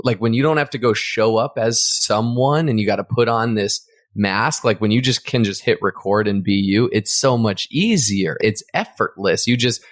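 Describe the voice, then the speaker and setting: A man co-hosting a podcast talks in a low voice, reflecting earnestly on what he has learned. His casual, thoughtful delivery comes across dry and close to the mic. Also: no room sound. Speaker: podcast co-host.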